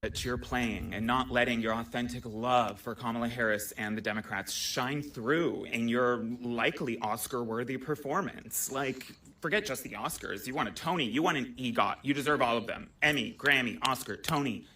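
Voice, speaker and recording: A man's voice: mid-range voice, normal speed, few pauses, sharp tone. A man doing sarcastic commentary in an online video clip, in a mock-cheerful tone.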